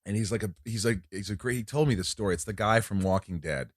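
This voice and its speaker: A man's voice: fairly low pitch, quick pace, no echo, clean studio sound. A man telling long anecdotes in a casual chat, stammering, repeating himself and talking himself down. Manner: rambling, animated, self-deprecating, stammers and repeats.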